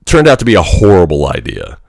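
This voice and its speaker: A man's voice: extremely low pitch, huge pitch swings, brisk, gravelly, darkish tone, no room sound, studio quality. A man telling a story in a casual, rambling way, with frequent restarts and military slang. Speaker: vlogger telling a training story.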